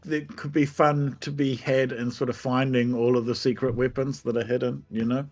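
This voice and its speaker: A man's voice: mid-range voice, flat delivery, normal speed. A man, a game developer, answering interview questions in a thoughtful, easygoing way that is often hesitant.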